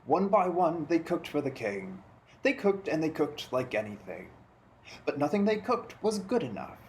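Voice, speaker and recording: A library storytime host reading a picture book aloud, expressive with dramatic pauses. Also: mid-range voice. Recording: roomy echo, faint background noise.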